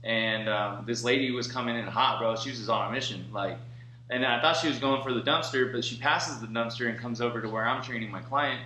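Casual, cussing male podcast co-host; mid pitch; echoey room with a faint hum. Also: brisk, pushed and bright. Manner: profane, rambling storyteller. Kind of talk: casual chat.

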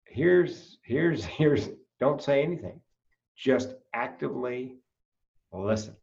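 A man who is a comedian and podcast guest, telling stories in a casual, animated way and acting out the voices in them. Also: mid-range voice, slow pace, creaky, recorded from a distance, muffled recording. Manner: animated storyteller, acts out voices. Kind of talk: casual storytelling interview.

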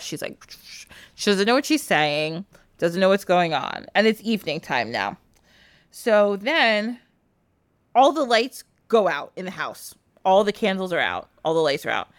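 A woman hosting a podcast, casually retelling a folk tale with a loose, animated delivery full of "like". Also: mid-range voice, clean tone, no echo. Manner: animated retelling with frequent laughs and "like". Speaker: podcast host. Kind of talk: casual storytelling chat.

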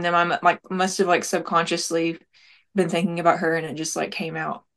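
A woman's voice: lowish voice, flat delivery, brisk, fairly bright tone. A young woman talking casually as an interview guest, rambling with lots of "like" fillers. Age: young adult. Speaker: guest, prank-call comedian.

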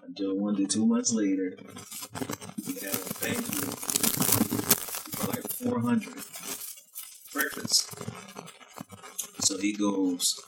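A man's voice: fairly low pitch, wildly swooping pitch, takes it slowly, vocal fry, long pauses, noisy background. A man co-hosting a podcast, telling a story in casual chat, acting out the people he quotes and swearing freely. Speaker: podcast co-host, chef.

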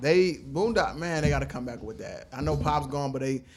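A young man in casual chat with friends, animated and laughing, retelling scenes in put-on voices. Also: a little high, a little fast. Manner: animated, quotes cartoon lines in put-on voices, laughs often.

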